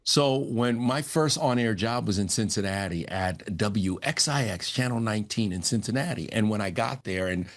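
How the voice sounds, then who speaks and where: A man telling stories as a guest in a casual podcast interview, acting out quotes with lively energy. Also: on the low side, normal speed, few pauses. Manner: animated, acts out quotes in other voices. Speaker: entertainment and sports TV host, guest.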